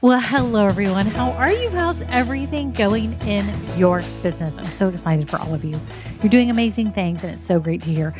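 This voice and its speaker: A woman hosting her own podcast in a chatty, upbeat way, her voice a bit scratchy and hoarse from a swollen voice box. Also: medium pitch, lively intonation, brisk, over music. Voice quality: slightly scratchy voice. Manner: chatty and upbeat, says y'all. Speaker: podcast host. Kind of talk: casual solo podcast talk.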